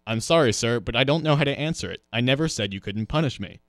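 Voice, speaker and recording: A man's voice: medium pitch, animated, quick pace, a bit bright, dry recording, clean studio sound. A man reading the lines of a nervous young cadet on trial, meek and apologetic.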